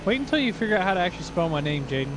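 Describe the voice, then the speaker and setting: A man's voice: sits high, very animated, very fast, background noise. A man giving live commentary on a sim race, teasing his co-host between calls.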